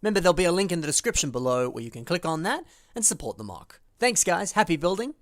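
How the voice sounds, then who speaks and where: A woman's voice: fairly low pitch, big pitch swings, fast talker, dry recording. A woman giving a casual, friendly video message to viewers and thanking them as she signs off.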